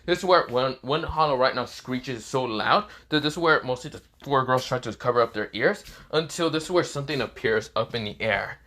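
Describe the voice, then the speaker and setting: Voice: medium pitch, a little fast, few pauses, a bit bright. A fan-fiction narrator casually retelling a story, rambling with many fillers and self-corrections.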